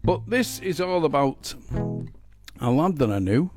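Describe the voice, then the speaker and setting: A man's voice: a little high, big pitch swings, unhurried, a little mellow, soft background music. A middle-aged man from the Manchester area of England, chatting casually between songs on a live home stream, rambling with blunt humor and lots of fillers. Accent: Northern English, Manchester area. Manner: rambling storyteller, many fillers and restarts, blunt. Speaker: singer-songwriter streaming live.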